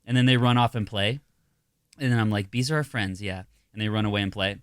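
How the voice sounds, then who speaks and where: A man's voice: fairly low pitch, fairly even intonation, a little fast, a bit bright, clear, resonant tone, no room sound, studio quality. A man co-hosting a podcast, telling a rambling comedic story in casual chat, full of fillers and acted-out voices. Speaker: podcast co-host.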